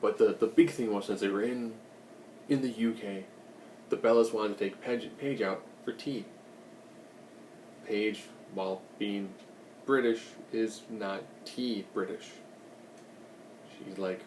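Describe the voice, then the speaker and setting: A man's voice: fairly low pitch, steady tone, slow pace, long pauses, darkish tone, roomy sound, far from the mic, slight background noise. A man giving a casual, rambling recap of a TV episode, with joking asides. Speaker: recap host.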